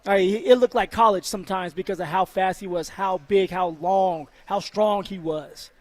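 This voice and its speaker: A male radio co-host and former football player, talking in an emphatic, animated way and repeating words as he builds his point. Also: sits high, moderate pace. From United States. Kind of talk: sports talk radio chat. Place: radio studio. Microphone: studio microphone.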